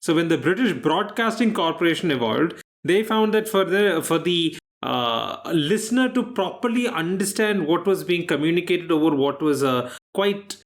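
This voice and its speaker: A man with a fairly high voice hosts a quiz podcast in relaxed conversation. He explains answers at an unhurried, thoughtful pace and slips in dry, teasing jokes. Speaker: quizmaster co-host. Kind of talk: casual podcast chat.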